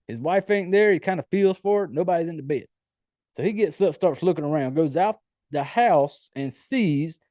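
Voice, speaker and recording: Male podcast host, casual film recap, cusses freely; higher-pitched, warm tone, dry close sound. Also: dry recording. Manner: loose, profane storytelling with many fillers. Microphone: home computer setup.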